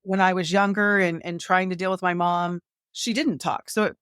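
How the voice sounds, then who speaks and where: A woman hosting a podcast in casual conversation, speaking in a reflective, measured way. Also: fairly low pitch, steady tone, a bit bright, clean tone, dry recording, studio quality. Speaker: podcast host.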